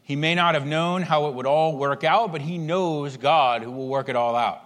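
A man preaching a sermon with emphasis, voicing imagined inner thoughts and swinging between hushed and raised delivery. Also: on the high side, moderate pace. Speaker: pastor. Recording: long hall reverb.

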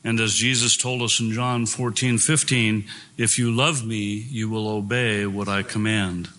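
A man's voice: fairly low pitch, level tone, measured pace, pushed and bright. A man preaching a sermon, reading scripture aloud and speaking in an earnest, emphatic way.

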